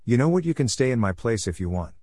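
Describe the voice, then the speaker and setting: A man's voice: medium pitch, very animated, quick pace, darkish tone, dry recording, pitched above the performer's own voice. A man voicing a friendly, proud young male cat in a read-aloud storybook.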